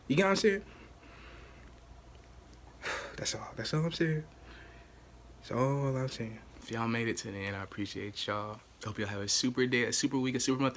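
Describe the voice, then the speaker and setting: Husky-voiced man ranting in casual slang. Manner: slangy, repeats "you know what I'm saying", swings from low mutter to loud exclaiming. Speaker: vlogger. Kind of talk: casual rant to camera.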